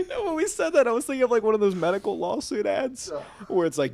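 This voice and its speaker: A man's voice: sits high, very animated, fairly quick, gravelly, long pauses, darkish tone, a little hiss or hum. A man, a stand-up comedian, chatting as a guest on a podcast. He laughs often and riffs on jokes. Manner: laughing often, riffing with put-on voices. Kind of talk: casual comedic chat.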